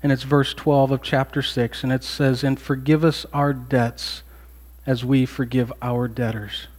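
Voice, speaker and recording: A man's voice: mid-range voice, little pitch movement, darkish tone. Earnest man preaching a sermon. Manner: earnest, emphatic preaching with repetitions and pauses. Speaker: pastor.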